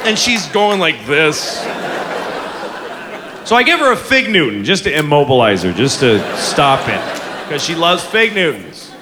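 A man in his forties doing stand-up, telling a story in a profane, self-mocking, animated way. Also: fairly high pitch, a little slow, big-room sound. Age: 40s. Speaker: stand-up comedian. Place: comedy club stage with audience. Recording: live club room with crowd and noise.

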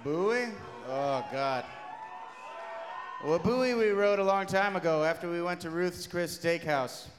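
High-voiced man swearing through stage banter. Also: unhurried, in a large hall, noisy background. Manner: profane, animated storytelling with sudden shouts. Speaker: comedy musician on stage. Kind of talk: rambling live stage banter.

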